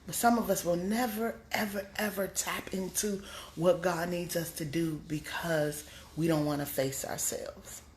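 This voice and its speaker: A woman comedian giving a blunt, scolding motivational talk, pushing her voice up high to drive points home. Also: fairly even intonation, unhurried, roomy sound, slight background noise. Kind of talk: preachy motivational monologue.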